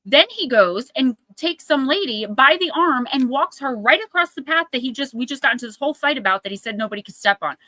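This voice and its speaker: A woman's voice: sits high, expressive, brisk, hardly any pauses, bright, forceful tone, no room sound, rough recording. A woman hosting a live oracle card reading stream, telling a story in casual, chatty talk and acting out what people said. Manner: chatty storytelling, acts out quotes in a raised voice. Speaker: oracle card reader and livestream host.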